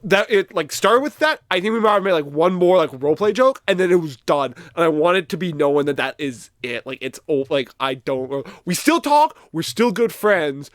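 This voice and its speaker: A man's voice: on the high side, sing-song, normal speed, few pauses, dry recording, clean studio sound. A young man guest on a podcast, rambling with embarrassment and swearing as he tells a story. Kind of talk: casual chat.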